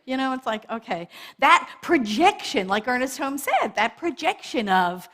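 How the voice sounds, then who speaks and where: Animated woman minister giving a sermon. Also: high-pitched, moderate pace. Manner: animated, laughing often, asks the congregation "right?".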